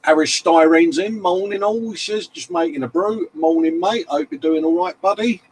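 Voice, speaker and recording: A man's voice: on the high side, normal speed, darkish tone, breathy edge, low-quality recording. A middle-aged man, hosting a casual live stream and reading out viewer comments in matey banter. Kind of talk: casual chat.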